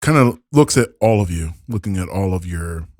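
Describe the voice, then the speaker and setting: A man's voice: sits low, lively intonation, moderate pace, darkish tone, no room sound, studio quality. A man narrating as game master of a tabletop game, laid-back with frequent ums.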